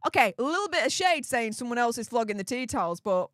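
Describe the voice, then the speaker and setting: A woman's voice: on the high side, sing-song, moderate pace, fairly bright tone, dry recording, clean studio sound. A woman hosting a casual commentary vlog, talking in a sarcastic, mocking way and exclaiming often. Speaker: commentary channel host.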